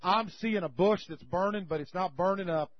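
Preacher, high voice, folksy storytelling, dry muffled sound. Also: male voice, normal speed, no echo. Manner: folksy, animated retelling. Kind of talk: sermon storytelling. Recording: slightly muffled recording.

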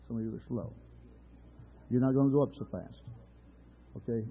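A man's voice: fairly low pitch, fairly quick, slightly rough. A man preaching an earnest, emphatic sermon to his congregation. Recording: tinny phone-like sound with faint music.

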